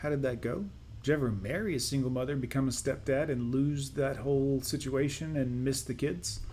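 A man's voice: mid-range voice, steady tone, brisk, a little mellow, a little hiss or hum. A man hosting a reaction video, commenting sarcastically and dismissively over played clips.

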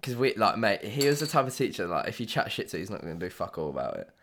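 A young man chatting on his podcast in a lowish voice. He rambles through stories with lots of "like" and "mate", laughing as he goes and swearing freely. His talk is loose and casual. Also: very animated, quick pace, fairly bright tone, a little hiss or hum. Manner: laughing, sweary storyteller, full of fillers. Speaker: podcast host. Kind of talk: casual chat.

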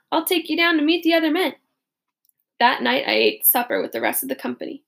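A woman reading a first-person story aloud in a steady, plain manner. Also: sits high, gravelly. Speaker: audiobook narrator.

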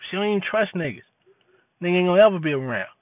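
Brief: high-voiced man, preachy street-slang monologue, tinny phone-quality audio. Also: animated, very fast, no echo. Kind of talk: impassioned monologue.

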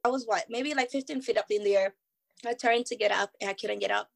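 A woman in her twenties from Venezuela, a guest telling animated stories in casual chat. She acts out her own past lines and keeps calling the listener "girl". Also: mid-range voice, fast, vocal fry. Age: 20s. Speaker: guest, circus performer.

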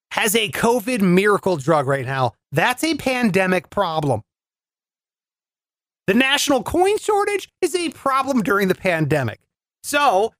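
A man's voice: sits high, fairly bright tone, no echo, clean studio sound. A man hosting a podcast, telling a comedic story in a chatty, sarcastic way. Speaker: podcast host.

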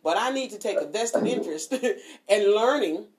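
A woman's voice: medium pitch, expressive, normal speed, a little mellow. A woman co-hosting a radio show in loose, casual chat. She is sassy and laughs often. She slides into preachy little asides between jokes. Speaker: radio co-host.

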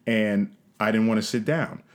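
Profane, animated man telling a story. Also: lowish voice, normal speed. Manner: animated, profane, laughs often. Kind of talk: casual storytelling chat.

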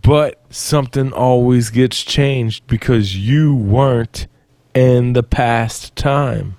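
A man talks animatedly on a podcast, swearing freely and playing up mock panic. His voice sits at a middle pitch. It is recorded dry and close, with no room sound. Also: slow, a little mellow, no room sound. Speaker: podcast co-host. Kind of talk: casual chat.

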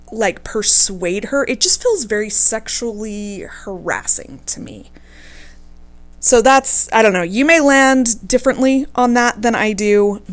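A woman hosting a podcast, retelling a story in a casual, animated way, indignant and swearing freely. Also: medium pitch. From United States.

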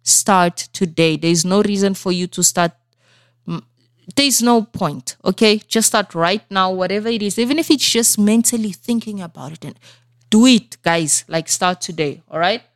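A woman's voice: mid-range voice, normal speed, no echo, studio quality. Earnest woman coaching her podcast listeners. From South Africa. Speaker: podcast host. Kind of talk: motivational solo podcast talk. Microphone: studio microphone.

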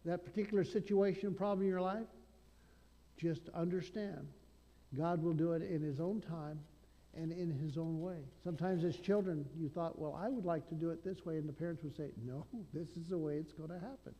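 A male pastor preaching a sermon, swinging between loud declarations and hushed asides. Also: on the high side, steady tone, normal speed, in a large hall.

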